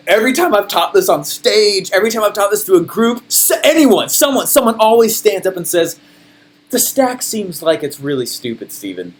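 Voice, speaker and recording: A man coaching a group on sales, emphatic and high in energy. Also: a little hiss or hum.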